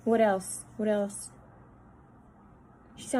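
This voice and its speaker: Hushed, halting woman psychic medium. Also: medium pitch, steady tone, slight background noise, poor audio. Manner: halting, repetitive, often dropping to a hushed voice. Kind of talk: spirit-channeling video monologue. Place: at home.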